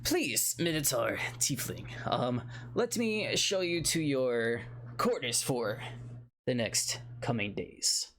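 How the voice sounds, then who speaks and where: A man's voice: mid-range voice, big pitch swings, slow, a bit bright, slight background noise, heavily acted. A man playing a jittery old dwarf innkeeper. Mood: nervous. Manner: gruff, grumbling. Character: elderly gruff male dwarf innkeeper, nervous. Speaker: bartender and inn owner.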